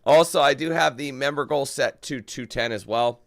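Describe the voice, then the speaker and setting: A man's voice: medium pitch, moderate pace, dry recording, clean studio sound. A man talking casually on a live stream, rambling and chatty, tired, greeting his chat by name. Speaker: livestreamer.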